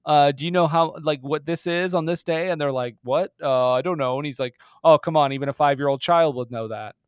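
A man's voice: on the high side, brisk, clear, resonant tone, dry recording, studio quality. A man co-hosting a podcast, chatting casually about a film with lots of restarts. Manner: chatty, animated, many restarts. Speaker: podcast co-host.

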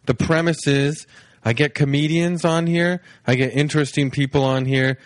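A man's voice: fairly high pitch, steady tone, moderate pace, no room sound. Laid-back man with a tired-sounding voice. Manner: sleepy-sounding, laid-back, rambling with fillers. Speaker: podcast host. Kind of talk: casual rambling podcast intro. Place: home, on his couch.

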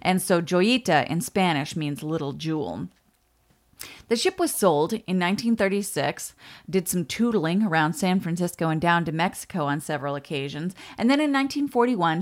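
A woman co-hosting a podcast, telling a history story in a relaxed way with quick asides. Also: fairly low pitch. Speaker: podcast co-host. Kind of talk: storytelling chat.

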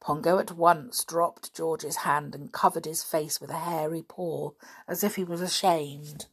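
A woman reading a children's book aloud in a lively way, giving the characters voices. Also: low-pitched, unhurried, husky. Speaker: storybook reader.

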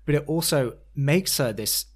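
A man's voice: fairly high pitch, measured pace. A man co-hosting a podcast, giving wry, analytical pop-culture commentary in long reasoned sentences. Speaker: podcast co-host.

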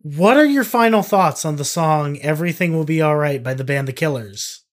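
A man's voice: on the high side, lively intonation, normal speed. Dry-humored man co-hosting a podcast. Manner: dry, jokey, leads the segment. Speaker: podcast co-host. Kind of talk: casual chat.

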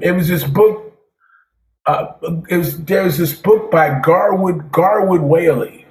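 A man's voice: sits high, a little slow, darkish tone. A man who plays jazz drums, telling stories in a casual interview, rambling and peppering his talk with "man". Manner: rambling, repeats words, says "man" often. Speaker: jazz drummer guest. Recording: echoey room.

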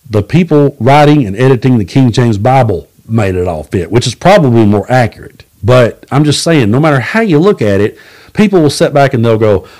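A man from hosts his own podcast and tells stories in a relaxed, plainspoken way. He is blunt, curses without a second thought, and slips into the voices of the people he quotes. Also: mid-range voice. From Southeast Kentucky. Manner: folksy, blunt, swears freely, acts out quoted voices. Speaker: podcast host. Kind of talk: casual storytelling monologue.

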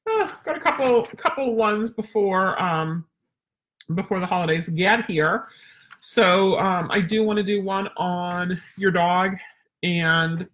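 A woman's voice: lowish voice, slow pace, a bit bright. A woman dog trainer teaching a casual live webinar, chatty and rambling with lots of fillers.

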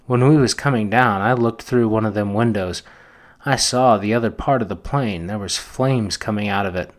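A man's voice: on the low side, moderate pace, close to an everyday voice. A man reading aloud and voicing a chubby, anxious schoolboy with glasses who chatters eagerly and asks worried questions.

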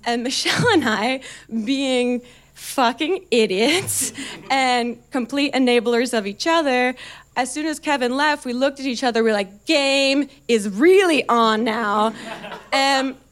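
A young woman tells a long comic story on stage in a high, bright register. She talks in a loose, chatty way, mocks herself, and laughs through her own lines. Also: a little slow. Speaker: stand-up comedian. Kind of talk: stand-up storytelling.

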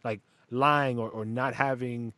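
A man's voice: mid-range voice, a little slow, no room sound. Man, talk-show father, rambling and profane, dry close sound. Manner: rambling, profane, animated storytelling. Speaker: podcast host and father. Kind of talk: casual chat.

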